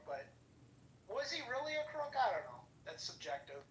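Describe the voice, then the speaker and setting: A woman's voice: medium pitch, sing-song, normal speed, sharp tone. A woman on a podcast chatting casually about politics, hesitant and restarting often. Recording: echoey room with faint noise.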